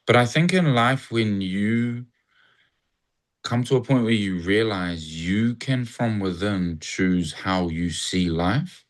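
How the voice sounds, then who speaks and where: Taking his time, a low-voiced New Zealand man rambles in a reflective, casual chat as an interview guest. He speaks with a New Zealand accent and acts out cheerful greetings along the way.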